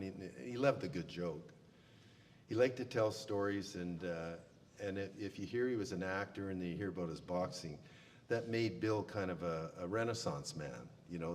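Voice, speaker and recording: A man with a notably low voice delivers a eulogy in a folksy, storytelling way, leaning on fillers. His voice carries a long reverb from the hall, with faint noise underneath. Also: a little mellow. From Canada. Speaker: eulogy speaker. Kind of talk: funeral eulogy, anecdotal. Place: funeral service hall.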